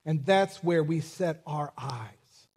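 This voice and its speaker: A man preaching a sermon as a church pastor, reading scripture and speaking to his congregation in a measured way. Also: on the high side, a little mellow, breathy edge. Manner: preaching with rising intensity, measured pacing.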